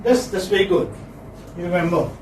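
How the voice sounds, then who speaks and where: A man's voice: sits high, expressive, fairly quick, darkish tone, slight background noise. A man teaching phonetics in a class, encouraging his students and repeating key terms. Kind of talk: classroom lecture. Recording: echoey room, far from mic.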